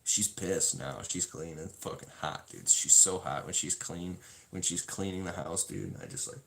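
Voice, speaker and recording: A man with a deep, slightly bright voice speaks at normal speed on a low-quality recording. As a self-help video host, he reads from a book to viewers, then slides into a self-deprecating, rambling story laced with swearing.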